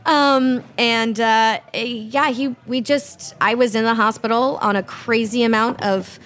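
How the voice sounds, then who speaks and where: A woman's voice: a little high, measured pace. A young woman, a dinner guest, chatting casually and acting out what people said as she tells a story. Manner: animated storyteller who acts out what others said. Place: restaurant.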